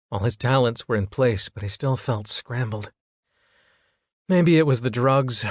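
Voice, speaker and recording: A man's voice: lowish voice, dry recording. Man narrating an audiobook, dry. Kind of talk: scripted narration.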